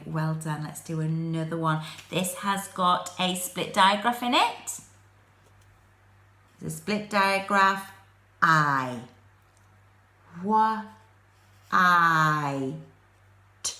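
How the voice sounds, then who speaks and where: A woman teaching phonics to young children, sounding out letters slowly and clearly, with an English accent. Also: lowish voice, bright, forceful tone, reverberant.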